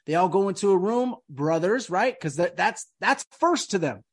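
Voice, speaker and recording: A man's voice: sits high, expressive, moderate pace, few pauses, husky. A man hosting a casual podcast, rambling and emphatic, peppering his talk with dude and man. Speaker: podcast host. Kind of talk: casual conspiracy podcast chat.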